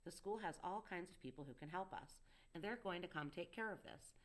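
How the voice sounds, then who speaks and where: A woman's voice: lowish voice, expressive, fairly quick, close to an everyday voice. A woman voicing an earnest young male tutor who coaxes and reassures a frightened child with urgency. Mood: coaxing. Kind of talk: audiobook dialogue reading.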